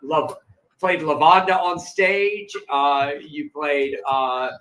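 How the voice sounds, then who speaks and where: A man's voice: fairly high pitch, slow pace, background noise. A man hosting a casual chat, speaking affectionately and often stumbling and restarting. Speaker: host.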